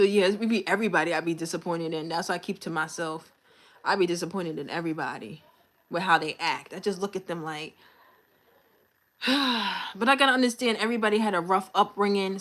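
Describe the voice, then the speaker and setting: A woman's voice: lowish voice, a bit bright. A young woman hosting a casual livestream, talking candidly and venting in a loose, conversational way. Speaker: livestream host. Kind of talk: casual live-stream chat.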